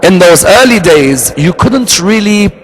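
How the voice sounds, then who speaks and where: A man preaching a sermon, telling a story with acted-out dialogue and shifting his pitch and pace freely. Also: lively intonation, unhurried. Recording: long hall reverb.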